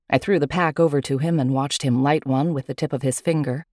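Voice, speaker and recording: A woman reading a first-person story aloud with a wry, lively manner. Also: low-pitched, fairly quick, no echo, clean studio sound. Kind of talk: storytelling narration.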